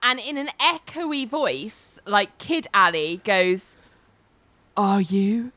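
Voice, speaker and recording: A woman's voice: a little high, very animated, takes it slowly, bright, forceful tone. A woman, casually retelling a TV episode as a podcast host, acting out the characters' lines with laughs. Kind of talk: casual chat.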